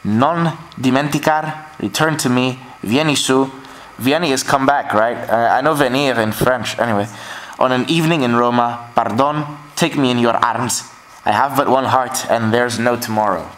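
Filmed at home on a camera mic, a vlogger casually reads track lists from records he picked up, waving things off with "whatever." His voice is mid-range and a bit bright at a moderate pace. The rough recording has a little hiss or hum.

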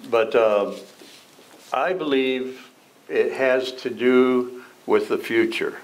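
Reading from scripture and chatting questions out to his adult Sunday school class, a man leads the lesson in a church classroom. His voice sits at a medium pitch, and the audio quality is poor.

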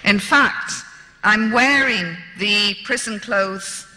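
Speaking in a hall with long reverb, a British woman in her fifties gives a storytelling lecture. Her delivery is slow and deliberate, her tone very bright, and she acts out dialogue animatedly at a raised pitch.

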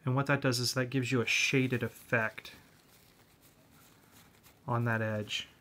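A man's voice: medium pitch, fairly even intonation, slow pace, pushed and bright. A man giving a hobby tutorial on model kits, explaining each step in a laid-back way.

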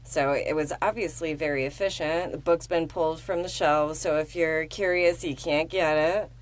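A woman's voice: deep voice, steady tone, normal speed. A woman co-hosting a podcast in casual chat, teasing and brash, swearing playfully. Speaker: podcast co-host.

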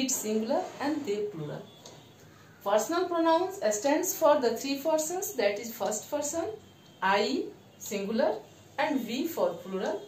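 A woman teaching a grammar lesson, explaining slowly and going over each example again. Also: sits high, darkish tone, roomy sound, distant mic, a little hiss or hum. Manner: slow, explains with repeated examples.

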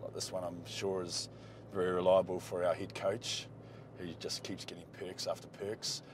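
Kiwi bloke, really low voice, relaxed and umming a lot, chatting in a ute. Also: male voice, moderate pace, background noise. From New Zealand. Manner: laid-back, hesitant with many ums. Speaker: rugby player. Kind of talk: casual in-car chat. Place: inside a moving ute.

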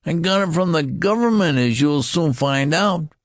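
A man reading an audiobook, voicing a small boy who is really an old general, shrill and commanding. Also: big pitch swings, unhurried, dry recording, studio quality.

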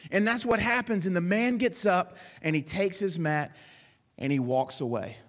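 A man preaching a sermon as pastor, animated, acting out short snatches of dialogue as he goes. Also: sits high, normal speed. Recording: long reverb of a large hall.

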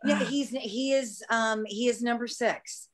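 A woman's voice: a little high, steady tone, a little slow, over music. A woman chatting in a bubbly, talkative way on a video call and laughing often. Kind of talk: casual video-call chat.

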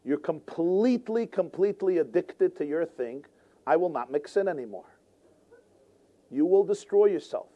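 A man's voice: a little high, lively intonation, normal speed, warm tone, highs cut off. A man voicing God giving a stern, grave warning to a stubborn man.

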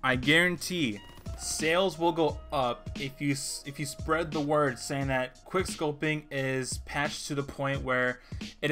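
Young man, gaming commentary, opinionated rant, forceful tone, mid pitch. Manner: ranting, opinionated, frustrated. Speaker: gaming video creator. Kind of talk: gameplay commentary.

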